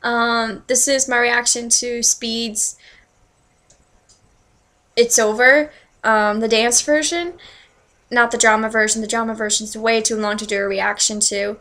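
A young woman chatting casually in a reaction video, gushing and excitable, full of "like" and "oh my god" fillers. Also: a little high, measured pace, pauses often. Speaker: reaction vlogger. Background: music playing.

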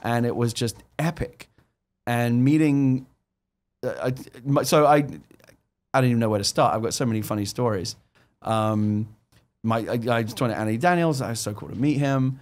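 A man, a guest screenwriter in his forties, excitedly telling stories in casual chat, often restarting his sentences. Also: medium pitch, moderate pace. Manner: excited storytelling with many restarts.

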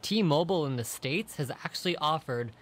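A man's voice: fairly high pitch, animated. A young man co-hosting a radio talk show, casually presenting news items and moving the chat along. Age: young adult. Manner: brisk, moves the talk along to the next topic.

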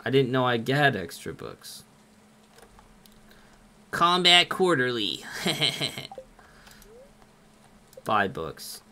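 A young man with a Minnesotan accent, commenting on a game live and reading its text aloud in an excitable, jokey way. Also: medium pitch, takes it slowly, a little hiss or hum. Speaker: streamer.

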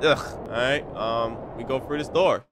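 A man's voice: mid-range voice, measured pace, noisy background. A young man giving jokey commentary on a horror game, reading its dialogue aloud. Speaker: gaming commentator. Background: game music.

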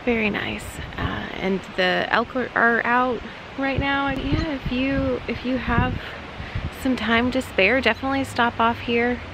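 A young woman vlogging on a trip, chatting casually and filling pauses with lots of ums. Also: on the high side, steady tone. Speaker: travel vlogger. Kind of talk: casual travel vlog chat. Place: outdoors on a trail, later in a car. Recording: loud background noise, outdoors and car.

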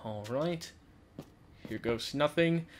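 A man giving live commentary over his own gameplay, talking to himself and getting loud and giggly when things go wrong. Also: a little high, slow, a little hiss or hum. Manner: excitable, talks to himself, yells and laughs under pressure. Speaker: gaming YouTuber.

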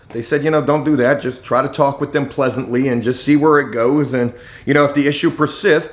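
Blunt, profane man telling a story. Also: medium pitch. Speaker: vlogger. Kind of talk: casual ranting story.

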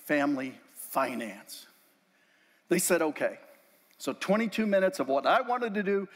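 Animated high-voiced man telling a story. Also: long reverb tail. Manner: animated, acts out his own past outbursts. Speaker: Christian motivational speaker. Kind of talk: storytelling presentation to a live group. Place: event venue in a hall.

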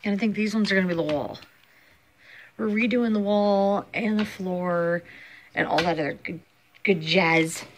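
A woman's voice: mid-range voice, fairly bright tone, slight background noise. Chatty woman vlogging at home. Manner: chatty, talks to viewers as guys. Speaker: family vlogger. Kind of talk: casual home vlog. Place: home indoors. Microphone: handheld phone camera.

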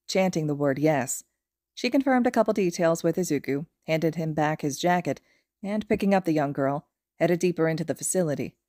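A woman narrating a fan fiction audiobook in a steady, even storytelling manner. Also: low voice, no room sound, studio quality. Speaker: podfic reader.

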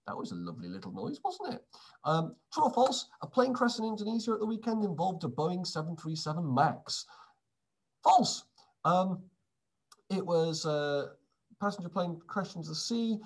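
A man's voice: a little high, breathy edge. A man reading through quiz answers in a casual way, adding wry, sarcastic asides between questions. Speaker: quiz presenter.

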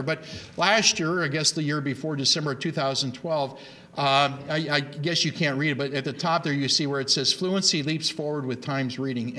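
Middle-aged guy lecturing teachers, bright voice, lots of emphasis and restarts. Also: on the high side. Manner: animated, emphatic, with many repeated starts. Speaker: reading education speaker. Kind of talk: lecture to an audience.

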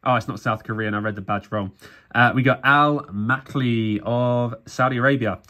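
A man's voice: mid-range voice, normal speed, bright, forceful tone. A man from England chatting casually to viewers while opening sticker packs, tired and self-mocking. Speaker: sticker collecting YouTuber. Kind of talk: casual vlog commentary.

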